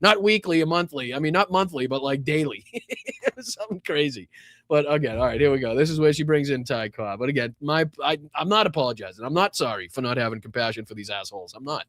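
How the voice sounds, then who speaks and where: A man's voice: mid-range voice, lively intonation, quick pace, hardly any pauses, a bit bright, no room sound, clean studio sound. A man hosting a livestream of political commentary, talking in a sarcastic, scornful way with frequent laughter.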